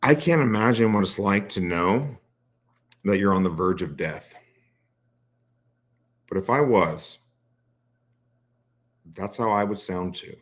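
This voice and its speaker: A man with a fairly low voice reacting to clips on a stream. He is sarcastic and swears freely. He mocks what he hears. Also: takes it slowly, pauses often, fairly bright tone. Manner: sarcastic, profane, mocking. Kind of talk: casual reaction commentary.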